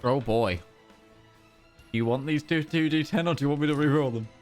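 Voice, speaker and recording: A man's voice: fairly high pitch, normal speed, darkish tone, faint music behind. A man playing a tabletop game, making wry joking remarks about dice and his character's misfortune. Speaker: player. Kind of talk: casual play at a tabletop game.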